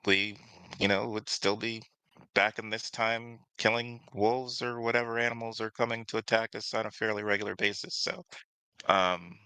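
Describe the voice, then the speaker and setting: A man's voice: on the low side, fairly even intonation, normal speed, sharp tone, clear, resonant tone, no echo, low-quality recording. A man co-hosting a casual discussion, talking with many fillers and restarts. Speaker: podcast co-host.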